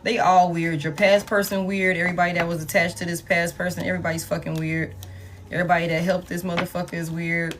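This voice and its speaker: A woman, giving a live tarot reading in blunt, profane, animated street talk. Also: fairly low pitch, fast, slight background noise. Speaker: tarot reader.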